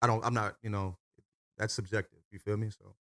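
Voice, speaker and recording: In a casual podcast chat, a male co-host talks animatedly with heavy swearing and filler. His lowish voice holds a steady tone, sounding pushed and bright at a brisk pace.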